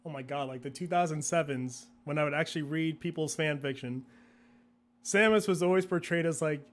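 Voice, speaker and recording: A man's voice: on the high side, a little fast. A young man chatting as an interview guest, rambling and laughing often, acting out his own thoughts in quotes. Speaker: guest, video creator. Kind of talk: casual interview chat.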